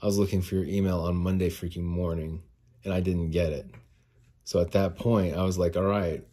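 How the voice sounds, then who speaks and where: Husky low-voiced man ranting. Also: flat delivery, fairly quick, dark tone. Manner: frustrated, swearing, rambling. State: out of breath. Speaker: podcast host. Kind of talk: casual solo rant.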